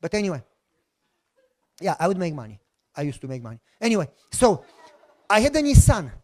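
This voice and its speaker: A middle-aged man with a Romanian accent, preaching a sermon as a lively, joking storyteller who acts out the dialogue. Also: sits high, brisk. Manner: animated, jokey, acts out dialogue. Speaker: pastor.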